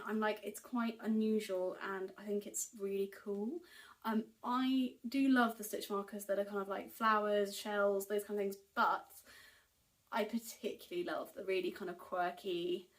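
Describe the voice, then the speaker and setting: A woman talks enthusiastically to camera as a knitting vlogger, her speech casual and peppered with ums and likes. Her voice sits at an ordinary middle pitch. The mic sits some way from her, so she sounds slightly distant. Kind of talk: casual haul chat to camera. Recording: voice picked up from a distance.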